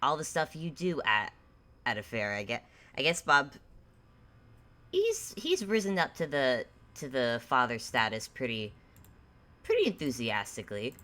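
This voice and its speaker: A woman with a very deep voice hosts a tabletop game, rambling and halting as she sets the scene. Her tone is bright and forceful, and she pokes fun at herself between stumbles. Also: sing-song. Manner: rambling, halting, self-mocking. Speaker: game master and host. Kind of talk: casual chat introducing a tabletop game.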